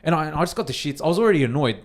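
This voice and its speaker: Very fast and fairly high in pitch, a young Australian man co-hosting a casual podcast barrels through a story, cursing freely and animatedly acting out quoted lines.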